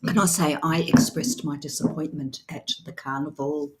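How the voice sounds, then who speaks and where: A woman's voice: deep voice, steady tone, moderate pace, background noise. Dry-witted Australian woman co-host. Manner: dry, teasing banter. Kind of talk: casual livestream chat.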